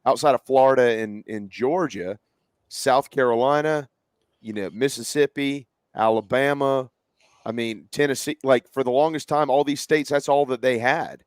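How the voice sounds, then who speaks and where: A man's voice: medium pitch, normal speed, dry recording, clean studio sound. A man with a Southern US accent hosting a sports talk show, chatting casually and reading out team news. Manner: chatty, reads news items in a loose way. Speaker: host.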